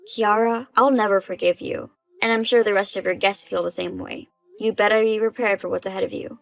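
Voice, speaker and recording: A woman's voice: mid-range voice, steady tone, brisk, creaky, faint music behind, poor audio. A woman voicing the wronged wife in a dubbed story drama, speaking plainly and with indignation.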